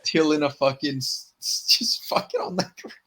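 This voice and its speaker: A man's voice: on the high side, animated, moderate pace, bright, forceful tone. A man co-hosting a podcast in casual, rambling chat, swearing and restarting a lot. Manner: rambling, profane, restarts often. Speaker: podcast co-host.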